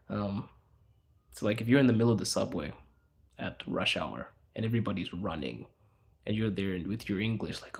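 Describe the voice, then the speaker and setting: A man from Zimbabwe hosting a casual livestream, chatting loosely with viewers and answering their questions in a relaxed, slangy, rambling way. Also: lowish voice, normal speed, vocal fry, long pauses. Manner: relaxed, slangy, rambling with fillers and self-corrections. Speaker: livestream host.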